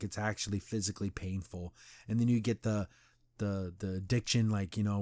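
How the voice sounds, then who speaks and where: Guy doing a chill review podcast, dry close sound, gets animated retelling scenes. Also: lowish voice, no room sound. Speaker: podcast host. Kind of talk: casual episode review.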